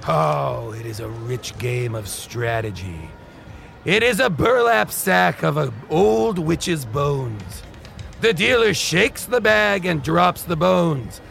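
A man voicing an unhinged, sleep-crazed young prince who gambles and shouts wild bets in an improvised comedy role-play. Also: lively intonation, slow, creaky, soft background music, exaggerated voice. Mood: grandiose. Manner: shouting wild bets, sudden swings from bellows to low growls.

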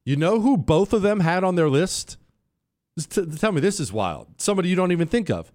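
Give me a male talk show host with a slightly high voice, explaining things in a lively way. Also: fast. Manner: animated, teasing, explains by examples. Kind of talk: casual talk show monologue.

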